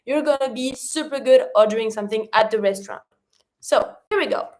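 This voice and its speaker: Woman, language teacher, slightly high voice, deliberate modeled pronunciation. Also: darkish tone. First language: French. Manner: slows down to model words clearly. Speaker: French teacher. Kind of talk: online language lesson.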